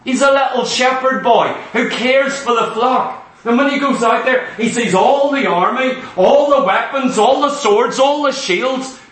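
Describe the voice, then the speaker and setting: A man with a very high, bright voice preaches a sermon, stressing his points with heavy repetition. He is picked up from some way off the mic in a very echoey hall. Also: far from the mic. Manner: impassioned, emphatic preaching with repetition.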